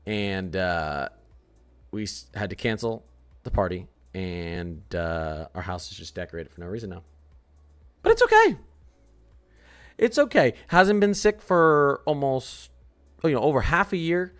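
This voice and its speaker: A man hosting a weather livestream in casual chat, joking around and greeting viewers by name. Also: sits low. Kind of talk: casual live-stream chat.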